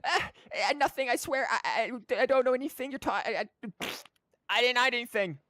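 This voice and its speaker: Man doing a high, stammering nervous girl. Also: animated, moderate pace, no echo. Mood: flustered. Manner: stammering, flustered. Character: timid nervous young woman trainee.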